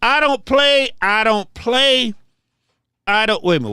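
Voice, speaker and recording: A man's voice: extremely high pitch, expressive, unhurried, pushed and bright, clean tone, no echo, clean studio sound. An older man hosting a livestream, ranting casually and trash-talking viewers, often repeating his words. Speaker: livestream host.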